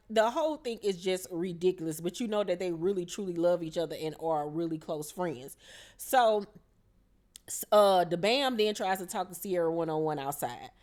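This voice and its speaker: A woman giving a chatty, slangy recap of a reality show episode, often mimicking the cast's lines. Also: mid-range voice. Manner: chatty, slangy, quotes the cast in lively voices.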